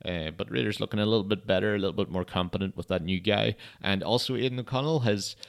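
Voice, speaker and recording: A man's voice: on the low side, quick pace, gravelly. A young man hosting a podcast, chatting casually in a rambling, laid-back way and swearing often. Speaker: podcast host. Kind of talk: casual solo chat.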